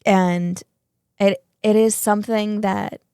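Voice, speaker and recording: A woman's voice: medium pitch, steady tone, slow pace, warm tone, smooth, no room sound, clean studio sound. A woman in her forties from Southern California chatting casually on a podcast, rambling with many fillers and some swearing.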